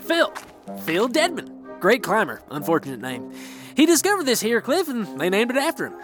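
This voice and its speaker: A man's voice: high voice, huge pitch swings, normal speed, fairly bright tone, faint music behind, exaggerated voice. A man playing a folksy mountain guide. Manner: folksy drawl, says "reckon".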